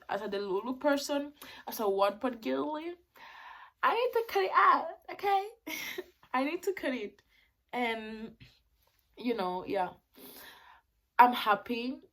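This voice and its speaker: A woman in her twenties, a native Spanish speaker, talking in a casual vlog into her phone, swinging between loud excited bursts and quiet reflective stretches. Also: on the high side. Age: 20s. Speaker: vlogger.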